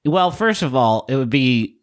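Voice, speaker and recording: A man reads sponsor spots on a podcast with a bouncing, lively pitch. He plays with the copy, tossing in jokey asides. His delivery stays playful and theatrical. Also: unhurried. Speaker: podcast co-host reading ads. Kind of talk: comedic ad read.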